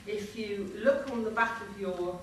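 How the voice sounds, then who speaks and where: An unhurried woman with a medium-pitched voice emcees a convention, presenting awards and making relaxed, loosely structured announcements from the stage of a large hall. The recording comes from far away in an echoey hall and is noisy.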